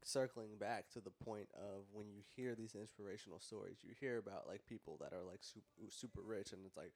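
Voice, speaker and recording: A young man hosting a podcast, talking in a rambling, animated way with lots of fillers. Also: fairly low pitch, a little fast, few pauses. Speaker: podcast host. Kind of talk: casual podcast chat.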